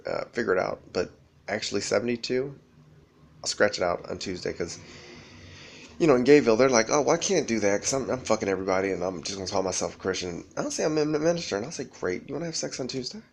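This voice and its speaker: A man's voice: mid-range voice, animated, fast talker, creaky. A man rambling through a profane monologue, often laughing as he talks.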